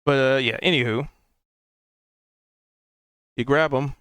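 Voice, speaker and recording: Male game master with a smooth voice. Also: medium pitch, normal speed, no room sound. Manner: relaxed, explains rules with hesitant fillers. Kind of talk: running a tabletop game, casual.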